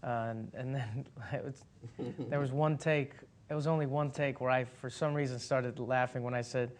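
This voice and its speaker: Rambling man telling an animated anecdote. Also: medium pitch, normal speed. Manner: animated storyteller, rambling with many fillers and restarts; laughs as he talks. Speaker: actor guest. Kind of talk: casual anecdote at a Q&A.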